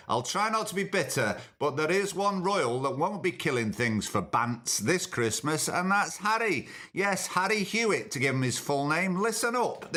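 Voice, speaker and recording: A man's voice: fairly high pitch, bright, forceful tone. A man hosting a podcast, delivering a sarcastic, mocking comedic rant. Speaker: podcast host. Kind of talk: comedic ranting monologue.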